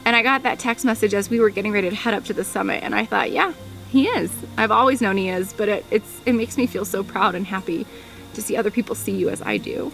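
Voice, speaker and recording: A woman's voice: mid-range voice, expressive, fast talker, creaky, a bit bright, soft background music, low-quality recording. A young woman speaking in a documentary interview, heartfelt and tearful, her voice wavering with emotion. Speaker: daughter of the climber.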